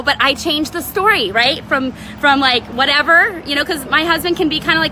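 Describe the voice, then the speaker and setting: A woman in her thirties giving a casual motivational talk as a life coach, animated and tagging lines with "right?". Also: high voice, moderate pace, hardly any pauses, slight background noise. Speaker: life coach hosting a live video.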